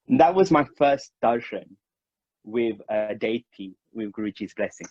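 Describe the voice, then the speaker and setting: A man from Mauritius telling stories in a relaxed, informal way, laughing now and then and calling people "bro". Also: fairly low pitch, measured pace, dry recording. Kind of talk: casual storytelling. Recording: dull lo-fi dry sound.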